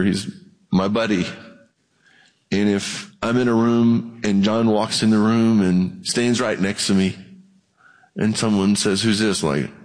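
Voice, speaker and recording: A male pastor preaching a conversational sermon. He acts out quotes and builds to a fervent, impassioned delivery. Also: fairly low pitch. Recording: long hall reverb.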